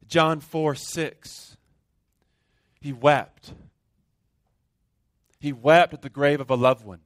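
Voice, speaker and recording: A man preaching a sermon as pastor, deliberate and emphatic, with long pauses between phrases. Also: fairly high pitch, fairly bright tone, no echo, studio quality. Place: church.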